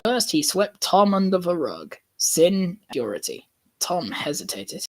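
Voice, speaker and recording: Male narrator slow, animated comic storybook reader, hobby channel feel. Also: sits high. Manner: slow, lively reading with bursts of laughter. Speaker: YouTuber reading a comic mistranslation.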